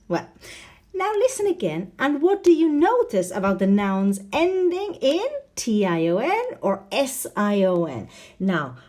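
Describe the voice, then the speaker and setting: A woman English teacher talks through a video lesson in a mellow, warm tone, her pitch rising and falling freely. She spells out word endings letter by letter and keeps checking in with quick questions.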